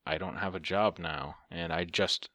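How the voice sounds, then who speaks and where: Low-voiced, sarcastic male vlogger, casual and foul-mouthed. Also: measured pace, pushed and bright, no echo. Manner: sarcastic and profane. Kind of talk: casual storytelling rant.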